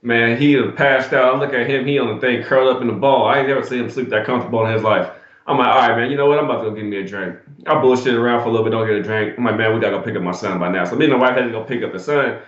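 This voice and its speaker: A man co-hosting a sports betting show, telling stories in a casual, animated, slangy way with plenty of swearing. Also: mid-range voice, very fast. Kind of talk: casual storytelling and betting talk. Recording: echoey room, dull lo-fi sound.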